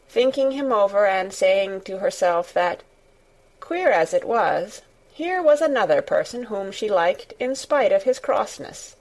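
A woman reading a storybook aloud as narrator, in a measured, even storytelling manner. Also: mid-range voice, rough recording. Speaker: audiobook narrator.

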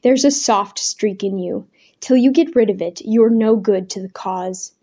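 A woman's voice: mid-range voice, normal speed, mellow, natural voice. Coarse, cold outlaw chief in a storybook, curt and dismissive, read by a woman. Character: coarse, cold male rebel leader.

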